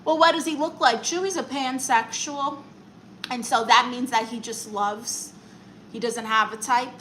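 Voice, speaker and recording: A bright, fairly high-voiced woman hosts a comedic live stream, chatting playfully with her viewers. She reads their comments aloud and answers them in a mock-serious tone. She talks close to the mic, with a faint hum of room ambience behind her. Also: steady tone, a little slow, poor audio. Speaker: comedic livestream host.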